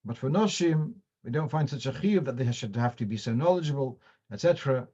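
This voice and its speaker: A man's voice: mid-range voice, animated, brisk, mellow. Man teaching a Torah class, lo-fi. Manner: explanatory, digressive, uses examples; mixes in Hebrew and Yiddish terms. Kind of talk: lecture on Jewish law.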